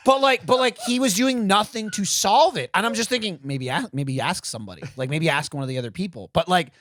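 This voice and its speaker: A man co-hosting a podcast, telling a profane, animated story in a casual chat and acting out the people in it. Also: sits high, fairly quick. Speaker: podcast co-host.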